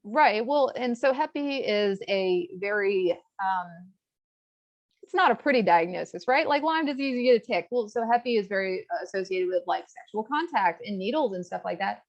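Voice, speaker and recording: Speaking at a moderate pace in a medium-pitched voice, a young adult woman from rural Virginia shares her health story as an interview guest. She is earnest and frank, livening things up by quoting other people in asides, and the recording is slightly dull and lo-fi.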